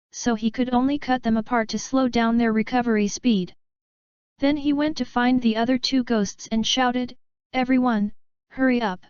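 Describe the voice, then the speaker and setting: Woman reading a fanfiction audiobook, dry and clear. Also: a little high, darkish tone, no room sound, highs cut off. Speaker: audiobook narrator.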